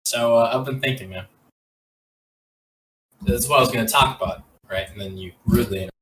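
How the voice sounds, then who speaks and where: A man's voice: mid-range voice, brisk, a bit bright, echoey room, distant mic, a little hiss or hum, rough recording. A man co-hosting a podcast in casual chat, rambling and hesitant and full of fillers as he works through a thought. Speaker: podcast co-host.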